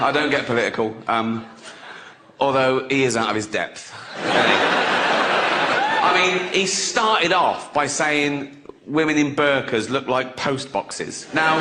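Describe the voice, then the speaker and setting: A man's voice: mid-range voice, very noisy. A man performing a stand-up comedy routine, irreverent and profane, with mock outrage.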